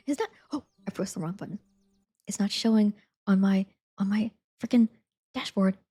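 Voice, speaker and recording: A woman's voice: mid-range voice, fairly quick, dark tone, slightly rough. A young adult woman chatting casually on a live stream, laughing often, saying "like" a lot and thanking viewers again and again.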